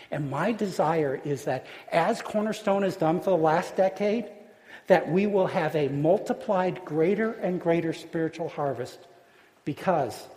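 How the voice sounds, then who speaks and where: A man preaching a sermon as pastor, earnest and emphatic, dropping to hushed tones at key points. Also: fairly high pitch. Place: church sanctuary. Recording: long hall reverb.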